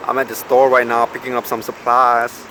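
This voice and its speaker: A man's voice: mid-range voice, monotone, normal speed. A young man vlogging casually while putting on a southern American accent, rambling about his trip. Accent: put-on southern American. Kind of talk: casual vlog talk to camera. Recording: noisy phone vlog audio.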